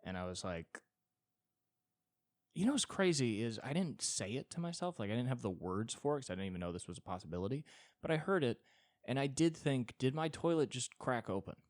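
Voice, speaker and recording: A man's voice: medium pitch, animated, brisk, a little mellow, no echo. A man doing a stand-up style solo podcast monologue, rambling and exasperated, with swearing riffs. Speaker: stand-up comedian and podcast host.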